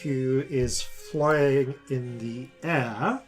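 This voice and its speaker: Man as game master, slow delivery, halting, lots of uh and restarts, faint music underneath. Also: medium pitch. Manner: halting, many fillers and self-corrections. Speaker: dungeon master. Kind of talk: narrating a tabletop game.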